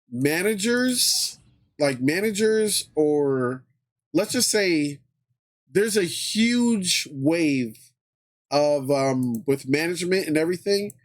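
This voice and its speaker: A man hosting a live stream, talking loosely with his chat in a voice a little higher than most men's. He keeps it relaxed, swears freely and circles back over the same phrases. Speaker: livestream host. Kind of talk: casual chat with viewers.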